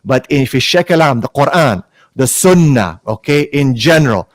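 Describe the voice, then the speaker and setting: A man's voice: mid-range voice, lively intonation, normal speed, no echo. Combative man debating with Arabic terms. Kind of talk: heated online debate.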